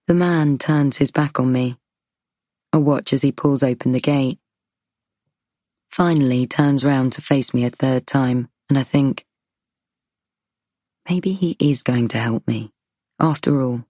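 A woman's voice: extremely low pitch, unhurried, pauses often, warm tone, no room sound, clean studio sound. A woman reading a first-person story, her inner monologue tense and wry. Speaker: audiobook narrator. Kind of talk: first-person scripted narration.

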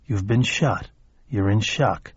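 A man reading a gruff middle-aged male mob boss in a low, curt, commanding voice. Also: slow, dry recording, lo-fi sound, exaggerated voice.

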